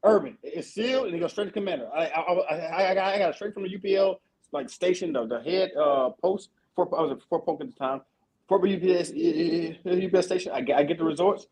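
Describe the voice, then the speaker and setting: A man hosting a casual veterans' podcast, telling army stories in a profane, animated way with lots of repeated fillers. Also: on the high side, a little fast, rough recording. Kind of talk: casual chat.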